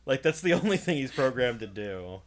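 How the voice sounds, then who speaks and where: A man's voice: mid-range voice, big pitch swings, normal speed. Young man riffing in casual podcast banter. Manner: loose, jokey, riffs on absurd bits. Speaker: podcast co-host. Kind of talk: casual comedic chat.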